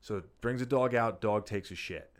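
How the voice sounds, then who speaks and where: A man co-hosting a casual podcast chat, telling a profane, animated story. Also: lowish voice, moderate pace. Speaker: podcast co-host.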